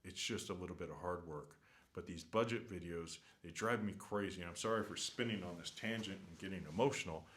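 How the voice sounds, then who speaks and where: A man with a very low voice rambles through an unscripted vlog rant. He talks casually from a hotel room, earnest and opinionated, and keeps circling back with fillers and half-started sentences. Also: brisk, a bit bright. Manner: rambling, many fillers and restarts. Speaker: travel vlogger.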